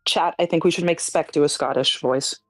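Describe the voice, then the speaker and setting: A woman joining a stream for a casual, relaxed chat, now and then swearing. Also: sits low, fairly quick, dry recording. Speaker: guest co-streamer.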